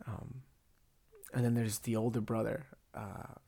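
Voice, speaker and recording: A man's voice: fairly low pitch, level tone, measured pace, vocal fry, dark tone, slightly rough. A man hosting a casual faith podcast, retelling a story in a rambling, earnest way with many fillers. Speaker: podcast host.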